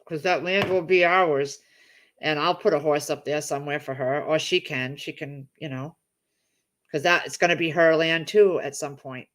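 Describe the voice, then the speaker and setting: A middle-aged woman with a deep voice hosts a livestream, chatting casually at a moderate pace. She reads out viewer comments and gushes over them.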